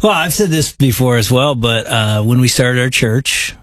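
A man's voice: medium pitch, moderate pace, a bit bright, no room sound, clean studio sound. A man in his forties, a pastor, speaking casually and affirming the others before sharing his own anecdotes. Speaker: pastor and co-host. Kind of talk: casual conversation.

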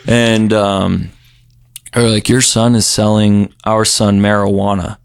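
A young man from Colorado telling his recovery story in a relaxed, rambling way, full of "you know" and "um.". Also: fairly low pitch, takes it slowly, gravelly, clear, resonant tone, dry recording, clean studio sound. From Colorado, USA. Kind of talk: casual recovery story interview.

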